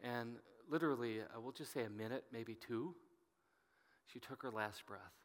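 A middle-aged man preaching as a pastor, telling a story in an earnest, halting way and often dropping to a hushed voice. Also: mid-range voice. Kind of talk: sermon storytelling. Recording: long reverb from a hall.

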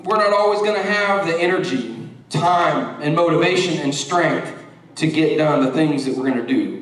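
A middle-aged man preaching a sermon, rambling through stories and then rising into forceful preaching. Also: a little high. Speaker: pastor. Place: church sanctuary. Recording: echoey church hall from far off.

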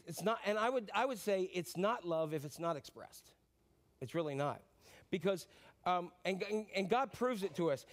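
A middle-aged male pastor preaching a sermon in a conversational way, repeating phrases and asking the congregation questions. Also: on the high side.

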